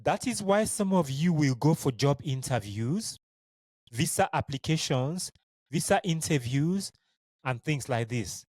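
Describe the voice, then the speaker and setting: A man's voice: on the high side, lively intonation, a little slow, a little mellow, no echo. A man with a Nigerian accent, a native Igbo speaker, hosting a solo podcast in an earnest, heartfelt way and speaking tenderly to his listeners. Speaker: podcast host.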